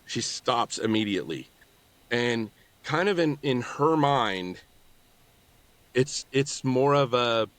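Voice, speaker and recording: Brief: male game master, unhurried, expressive narration. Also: medium pitch, dry recording. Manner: slow, halting storytelling.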